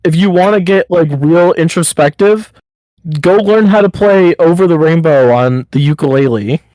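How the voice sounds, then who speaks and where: A man with a slightly raised pitch chats on a casual podcast. He speaks bluntly, swears casually and keeps pressing his friend with pep-talk advice. The sound is close and dry. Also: moderate pace, dark tone, no room sound, rough recording. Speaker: podcast co-host.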